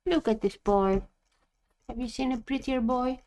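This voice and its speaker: A woman's voice: a little high, unhurried, darkish tone. Playful Greek woman chatting. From Greece. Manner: playful, teasing. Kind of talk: casual chat on a stream.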